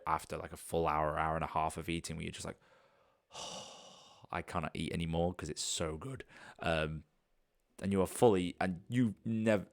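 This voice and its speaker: Deep-voiced male game master. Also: clean tone, dry recording, clean studio sound. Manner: descriptive, relaxed, with fillers. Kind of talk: narrating a tabletop game.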